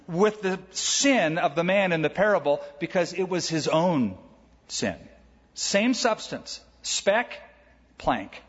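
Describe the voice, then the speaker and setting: A man's voice: sits high, breathy edge. A male pastor delivering a sermon in a conversational, storytelling way, with emphatic points. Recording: echoey hall, dull sound.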